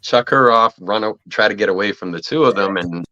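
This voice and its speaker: A man with a very low, forceful voice tells loose, profane stories from film sets, often slipping into the voices of the people he quotes. The sound is dry and close, with a slightly dull, lo-fi tone. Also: a little fast, dry recording. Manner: animated anecdotes, acts out quoted voices, swears freely. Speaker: actor telling set stories. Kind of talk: casual podcast storytelling.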